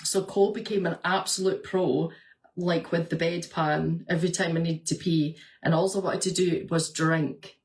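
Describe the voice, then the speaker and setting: A woman with a slightly low voice chats casually on her vlog, answering viewer comments. She is animated and talkative, breaking into laughter often as she tells her stories. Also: normal speed. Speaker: vlogger and nurse.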